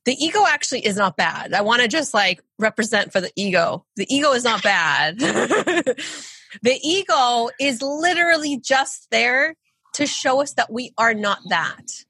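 Bright, earnest spiritual woman. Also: a little high, animated, a little slow, slightly rough, dry recording. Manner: earnest, encouraging, reflective. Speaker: podcast guest, intuitive. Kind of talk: casual spiritual conversation.

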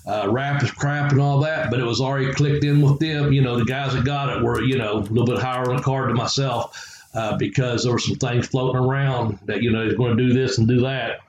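A man's voice: mid-range voice, fairly even intonation, brisk, slight background noise. A man, a former wrestler telling rambling stories as a guest, full of chuckles and fillers. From Southern United States. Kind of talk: casual storytelling interview. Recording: echoey room with faint ambience.

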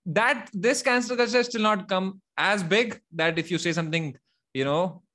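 A young man from India hosts a relaxed conversation in a high-pitched voice. He talks in an animated, loose way, laughs a lot and drops casual swears. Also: moderate pace. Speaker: host. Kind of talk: casual chat.

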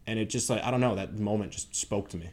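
A man co-hosting a podcast, telling a personal story in a halting, reflective way full of fillers. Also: lowish voice, darkish tone. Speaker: podcast co-host. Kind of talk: casual storytelling chat.

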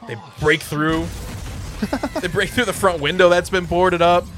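A man's voice: high voice, steady tone, moderate pace, a bit bright, soft background music. A man chatting casually, rambling through a story with lots of fillers. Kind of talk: casual chat.

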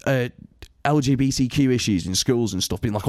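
A man's voice: medium pitch, lively intonation, fairly quick, dry recording, studio quality. A man co-hosting a podcast, ranting in sweary, casual chat. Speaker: podcast co-host.

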